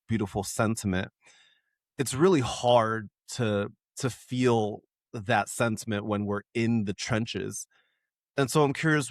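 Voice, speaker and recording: Low-voiced man host asking thoughtful questions. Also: no echo, clean studio sound. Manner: measured, thoughtful questioning with soft affirmations. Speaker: podcast host. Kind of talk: interview hosting.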